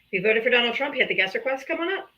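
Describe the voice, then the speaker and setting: Brief: sharp, foul-mouthed woman debate host, bright tone, slightly high voice. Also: lively intonation, rapid-fire, dull audio. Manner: combative, profane, sarcastic. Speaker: live-stream debate host. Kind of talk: heated political debate on a live stream.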